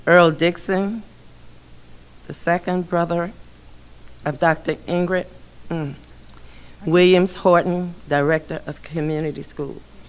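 A woman chairing a school board meeting, reading a memorial list slowly and solemnly, becoming emotional. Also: on the low side, steady tone. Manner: slow, solemn reading of names. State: emotional, voice breaking. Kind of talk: formal meeting proceedings.

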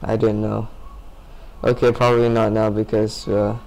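A man's voice: on the low side, little pitch movement, normal speed, creaky, a little mellow, rough recording. A sleepy young man commenting casually on his gameplay, rambling to himself and swearing. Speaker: gamer.

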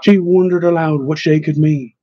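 A man reading a story aloud in measured, expressive narration. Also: on the high side, no echo, lo-fi sound. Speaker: audiobook narrator. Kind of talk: scripted narration.

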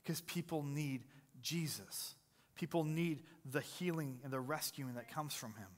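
High bright pastor guy preaching, quizzes the crowd, cracks little jokes, big church reverb. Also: a little slow. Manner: conversational, quizzes the congregation with questions; jokey asides between earnest preaching. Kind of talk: sermon. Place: church sanctuary. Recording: long hall reverb.

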